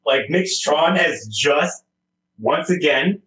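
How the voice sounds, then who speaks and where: A man's voice: fairly high pitch, takes it slowly, pushed and bright, reverberant, poor audio. A man in his forties from Montreal, telling a story in casual chat with lots of fillers and restarts. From Montreal, Canada. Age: 40s.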